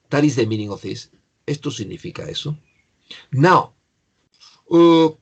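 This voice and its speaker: Slow, patient man teaching grammar. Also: medium pitch, breathy edge. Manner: slow, patient explaining with repetition. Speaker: English teacher.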